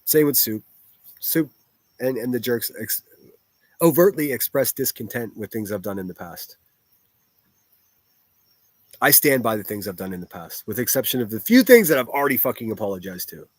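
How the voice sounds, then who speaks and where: A man's voice: mid-range voice, expressive, normal speed, pauses often, no room sound. Blunt, profane man streaming to chat. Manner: blunt, profane, rambling with restarts. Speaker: livestreamer reading chat. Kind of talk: live-stream chat commentary.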